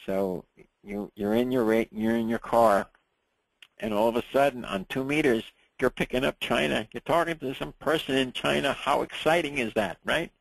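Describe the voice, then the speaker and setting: A man teaches a ham radio class in a loose, conversational way, checking in with his listeners as he goes. His voice has a rough, gravelly texture, and the sound is dry and close. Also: on the low side, normal speed, no room sound, low-quality recording. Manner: relaxed, chatty, checks in with "right?" and "okay?".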